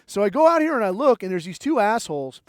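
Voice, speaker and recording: Podcast host, male, high-pitched, wry and foul-mouthed storyteller, dry close sound. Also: big pitch swings, fast, no room sound. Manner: profane, rambling, wry. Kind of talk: casual storytelling monologue.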